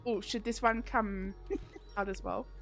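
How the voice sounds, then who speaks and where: A woman's voice: mid-range voice, fairly even intonation, slow, fairly bright tone, soft background music. A woman streamer chatting casually while playing a game, rambling and giggling. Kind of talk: casual chat while gaming.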